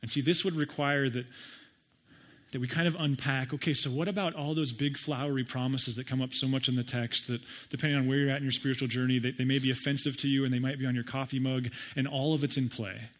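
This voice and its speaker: A man's voice: mid-range voice, steady tone, fast. Man, middle-aged pastor, casual sermon, repeats words, rises for scripture readings.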